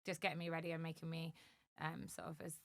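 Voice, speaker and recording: A young adult woman chatting as a podcast guest, animated, with lots of fillers and acted-out quotes. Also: low-pitched, quick pace, no room sound, clean studio sound. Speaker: podcast guest, agency founder. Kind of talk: casual podcast chat.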